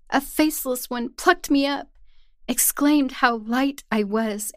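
A woman narrating a first-person horror story in a tense, hushed way. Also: on the high side, dry recording, clean studio sound. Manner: tense, hushed storytelling that rises to anguished cries.

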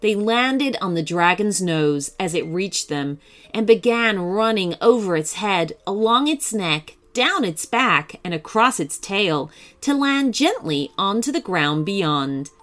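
Slow, expressive woman storyteller. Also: mid-range voice. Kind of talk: children's bedtime story narration.

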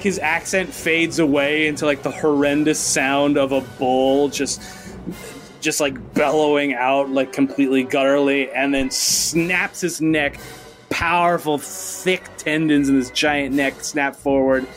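A man playing a tabletop game, describing his character's actions with hesitations and stammers. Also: mid-range voice. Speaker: player. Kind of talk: tabletop role-play.

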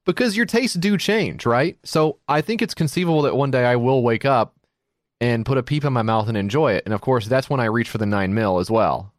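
A man's voice: medium pitch, brisk, no echo, clean studio sound. A middle-aged man co-hosting a podcast, rambling through stories and acting out quoted voices in casual chat. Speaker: podcast co-host.

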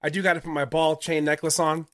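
A man in his thirties with a slightly raised pitch who rambles along easily and pokes fun at himself as a podcast guest. The recording is close and dry, with no room sound. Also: quick pace, no room sound. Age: 30s. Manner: relaxed, rambling, self-mocking. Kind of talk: casual comedy podcast chat.

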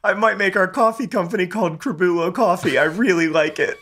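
Bright-voiced, teasing man co-host. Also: high-pitched, fairly quick. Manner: teasing, playful banter, reads listener questions aloud. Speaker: podcast co-host. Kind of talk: casual chat.

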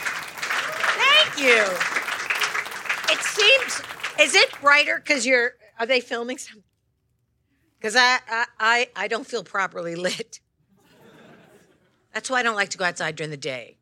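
A woman's voice: on the high side, moderate pace, pauses often, over a noisy crowd, very noisy. An older woman doing rambling, tangential stand-up on a wireless mic, full of apologies and self-deprecating asides. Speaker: comedian guest. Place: comedy stage before live audience. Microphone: handheld wireless mic.

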